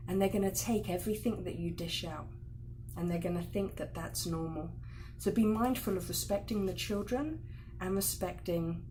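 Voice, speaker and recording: A woman teaching a class on respect in marriage and family, lively and expressive, acting out quoted voices with sudden loud bursts. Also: medium pitch, slight background noise.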